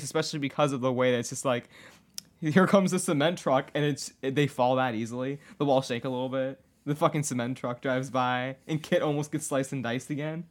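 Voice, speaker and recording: A man co-hosting a podcast, reading fan fiction aloud and breaking off into excitable, laughing commentary with some swearing. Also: fairly quick. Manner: excitable, laughing, swears, jumps high in pitch when outraged. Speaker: podcast co-host.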